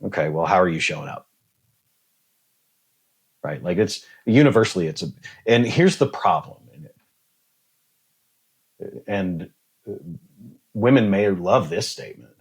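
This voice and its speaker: A man in his forties, guesting on a podcast, talks in a casual, blunt way and swears freely. He's an animated storyteller who acts out dialogue, speaking low and a little slowly with long pauses and a breathy edge.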